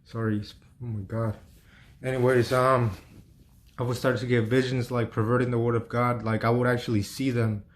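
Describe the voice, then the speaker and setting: A man talking through a personal story in a casual, meandering way. His voice stays flat, with little rise and fall. He leans on fillers, restarts himself often and swears freely. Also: mid-range voice, moderate pace, a little hiss or hum. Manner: rambling, filler-heavy, frequent restarts and swearing.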